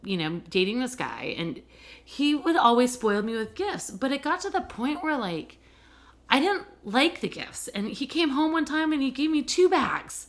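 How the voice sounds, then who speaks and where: A woman's voice: high voice, normal speed. A middle-aged woman hosting a podcast, an educator who works with children and families, talking candidly in a casual monologue and telling stories with many fillers. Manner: candid, animated storytelling with frequent fillers.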